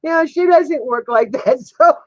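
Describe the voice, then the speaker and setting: A woman's voice: sits high, slow, no room sound, dull audio. A woman hosting a casual live stream from her home computer, chatting with viewers and laughing helplessly. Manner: giggly, keeps laughing helplessly.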